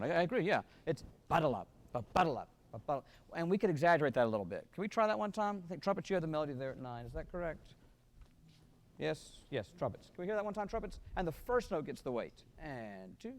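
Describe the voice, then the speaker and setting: Fast-talking gravelly band clinician. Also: male voice, fairly high pitch, big pitch swings, big-room sound, a little hiss or hum. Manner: sings rhythms with syllables, counts off the band. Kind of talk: rehearsing a wind band.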